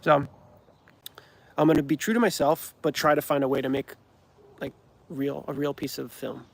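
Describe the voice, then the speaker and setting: A man's voice: on the high side, little pitch movement, moderate pace, vocal fry. A man, a comedy creator, chatting casually on a livestream, rambling with many restarts and ums. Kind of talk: livestream chat.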